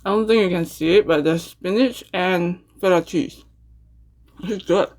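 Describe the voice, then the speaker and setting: A woman hosting a mukbang, chatting casually between bites with relaxed, unhurried murmurs of enjoyment. She talks from her home apartment. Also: on the low side. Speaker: mukbang host. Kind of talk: casual ASMR eating chat.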